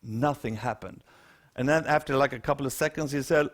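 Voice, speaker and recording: A man's voice: medium pitch, a little fast. Swedish man telling a story on stage. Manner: lively anecdotal storytelling with acted quotes. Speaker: keynote speaker. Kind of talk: storytelling talk to an audience.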